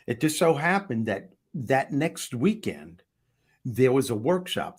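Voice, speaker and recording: A man, a former comedian turned motivational speaker, telling a story in a conversation with lively restarts and self-corrections. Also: medium pitch, slightly rough.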